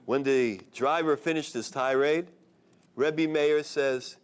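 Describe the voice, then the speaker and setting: A man, a rabbi, telling an inspirational story in an expressive voice, sprinkling in Hebrew terms. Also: mid-range voice, takes it slowly, pauses often, clean tone.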